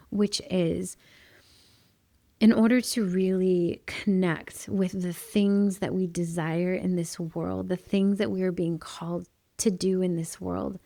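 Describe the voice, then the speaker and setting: A woman's voice: lowish voice, vocal fry, a little mellow, dry recording. A woman, hosting her own podcast and sharing a heartfelt personal reflection. She speaks earnestly and emotionally, repeating phrases for emphasis. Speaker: podcast host.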